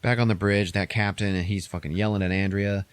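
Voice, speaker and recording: A man's voice: lowish voice, fairly even intonation, fairly quick, clear, resonant tone, no room sound. A man casually recapping a movie on a podcast, rambling and profane, acting out characters' lines in a raised voice.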